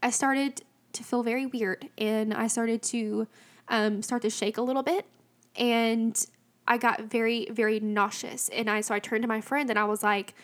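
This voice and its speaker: A woman's voice: on the high side, steady tone, normal speed. A young adult woman telling a personal faith story in a chatty, candid way, full of fillers and restarts. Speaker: speaker sharing a personal faith testimony.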